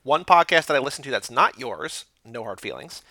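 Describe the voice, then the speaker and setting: A man co-hosting a casual podcast, reading listener emails aloud and adding quick asides. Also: medium pitch, lively intonation, pushed and bright, no echo.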